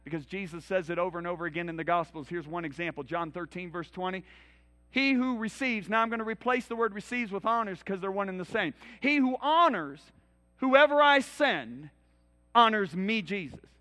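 A man preaching a sermon in a church, telling Bible stories dramatically and acting out the voices, swinging from loud to hushed. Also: high-pitched, fast, long reverb tail.

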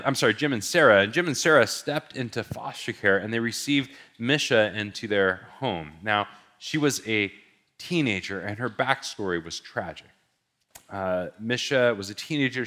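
A man's voice: lowish voice, fairly bright tone. A male pastor telling a story in a sermon, casual and conversational, with lots of filler words.

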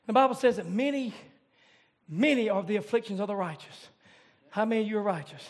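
High-pitched shouting preacher. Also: male voice, fairly quick. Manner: chanting, shouting preacher with rising cadence. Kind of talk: revival sermon. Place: church.

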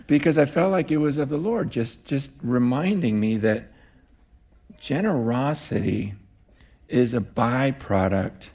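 A man preaching a sermon as a guest, animated and conversational, often saying "like" and laughing. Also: mid-range voice.

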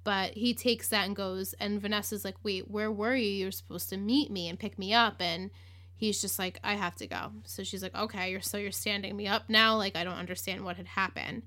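A woman's voice: medium pitch, fairly even intonation, a little fast, bright, forceful tone. A woman hosting a podcast, recapping an episode in casual chat, with lots of "like", acted-out quotes and laughter. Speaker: podcast host.

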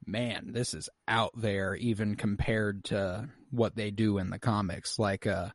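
A man's voice: on the low side, steady tone, unhurried, no echo, clean studio sound. A man chatting casually with friends, enthusiastic and swearing freely. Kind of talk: casual chat.

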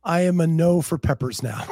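A man's voice: fairly high pitch, animated, normal speed, mellow, slightly rough, dry recording. A man co-hosting a casual podcast, chatting in a laid-back way and reading out viewer comments. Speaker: podcast co-host. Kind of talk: casual chat.

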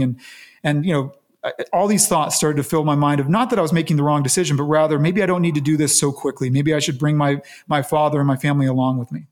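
A man being interviewed, recounting a personal story in an earnest, reflective way with halting restarts. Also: fairly high pitch, fairly even intonation, darkish tone. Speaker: interview guest.

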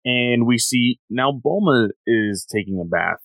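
A man's voice: medium pitch, expressive, measured pace, gravelly, heavy background noise. A man retelling a story in casual chat as a podcast co-host, rambling and full of "like". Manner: rambling, many "like" fillers. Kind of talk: casual chat recapping a comic.

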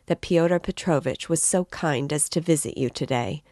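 A woman's voice: deep voice, normal speed, a little mellow, no echo, clean studio sound. A woman voicing an anxious, tearful middle-aged mother who speaks timidly and pleadingly.

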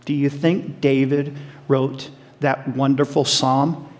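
A middle-aged man preaching a sermon, animated, asking the audience questions and laughing along with them. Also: mid-range voice, takes it slowly.

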